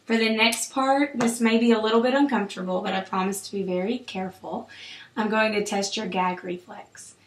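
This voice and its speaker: Calm encouraging woman clinician, roomy sound. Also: mid-range voice, a little fast, a little hiss or hum. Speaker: clinician giving an oral exam. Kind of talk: clinical instructions to a patient. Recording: roomy echo.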